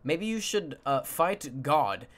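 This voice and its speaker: A sleep-deprived man from Canada, chatting with his livestream viewers in an excitable, swearing way with sudden yelps. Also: a little high, slow. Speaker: streamer. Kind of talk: livestream chat reading viewer messages.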